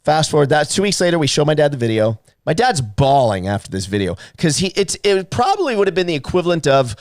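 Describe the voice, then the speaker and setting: Animated man telling a story on a podcast. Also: fairly high pitch, quick pace, dry recording, clean studio sound. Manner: animated, swears freely, acts out the people in his story. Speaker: podcast guest. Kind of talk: casual storytelling chat.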